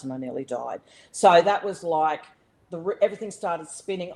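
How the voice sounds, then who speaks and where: On a podcast, a middle-aged Australian guest shares a personal story in a casual, conversational way. Her low voice is animated and blunt, full of swearing, fillers and restarts, and the audio quality is poor.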